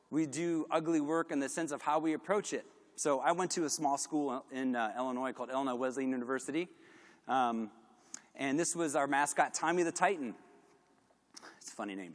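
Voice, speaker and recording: A middle-aged man with a mid-range voice gives a candid conference talk in a large hall. He is animated and self-deprecating and uses lots of fillers. The hall adds long reverb.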